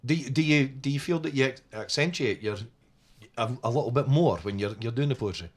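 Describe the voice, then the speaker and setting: Radio host, chatty and upbeat. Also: male voice, mid-range voice, brisk. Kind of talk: radio interview chat.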